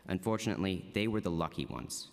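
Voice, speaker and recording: A man's voice: sits low, lively intonation, quick pace, gravelly. A teenage boy earnestly reading prepared testimony as a student witness. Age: teens. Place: council chamber. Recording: long reverb in a hall.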